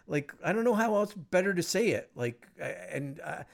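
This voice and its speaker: A man with a somewhat raised voice chatting on a podcast. He rambles in a lively way, piles up fillers and restarts, and his delivery stays casual throughout. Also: high voice, moderate pace, gravelly. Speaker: podcast host. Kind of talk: casual chat.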